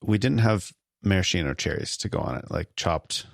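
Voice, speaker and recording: A man's voice: sits low, expressive, moderate pace, vocal fry, dry recording, clean studio sound. A man co-hosting a podcast in casual chat, laid-back with short replies. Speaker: podcast co-host.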